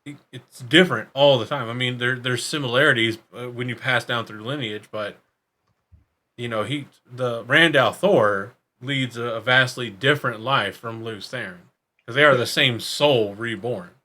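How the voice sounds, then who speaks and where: Brief: male co-host, bright tone, rambling and thinking aloud. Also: medium pitch. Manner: rambling, halting, with many fillers and restarts. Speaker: podcast co-host. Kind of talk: casual chat.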